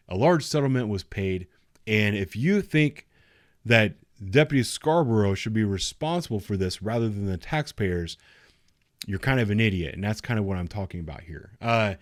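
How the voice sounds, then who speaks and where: A man's voice: fairly low pitch, dry recording, clean studio sound. A man in his thirties, a patrol officer, giving blunt, sarcastic and profane casual commentary. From United States.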